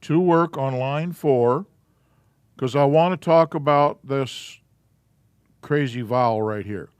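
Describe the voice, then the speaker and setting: A man teaches a live class, taking his time and sounding out each letter patiently. His voice is smooth and clear, sitting a little high for a man, and the sound is dry and close. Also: dry recording. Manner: slow, patient, walking through letters step by step. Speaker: Hebrew alphabet teacher.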